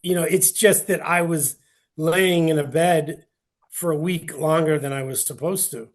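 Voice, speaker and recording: Calm, matter-of-fact man. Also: a little high, a little slow. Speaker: guest. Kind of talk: casual chat.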